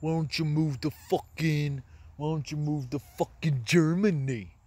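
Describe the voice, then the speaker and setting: A man's voice: fairly high pitch, unhurried, a little mellow, breathy edge, voice pushed up. A man voicing an angry, dismissive guy who tells critics to move abroad, in a heated and profane rant. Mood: mocking, heated. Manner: heated, profane, repetitive ranting.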